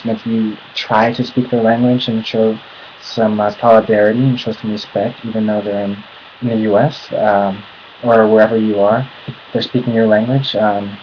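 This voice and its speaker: A young American man talking casually to camera, nervous and halting, recorded at home on a dull lo-fi mic. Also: fairly low pitch, a little hiss or hum. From United States. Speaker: vlogger.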